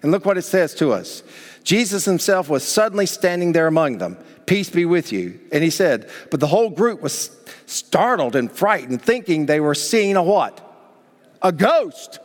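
A man's voice: fairly high pitch, lively intonation, normal speed. A male pastor preaching a sermon, talking conversationally and asking the congregation rhetorical questions. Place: church sanctuary. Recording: long hall reverb.

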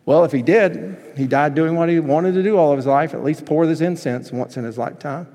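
A man preaching a sermon, telling the story with lively asides and acting out the people in it. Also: on the high side, brisk, long reverb tail. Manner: animated storytelling, acting out voices. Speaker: pastor.

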